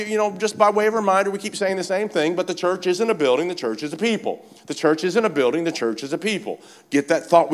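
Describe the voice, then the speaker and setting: Fervent high-voiced male preacher. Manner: fervent, repeatedly urges the congregation with "come on"; swings between shouting and quiet speech. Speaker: pastor. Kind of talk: sermon. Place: church service.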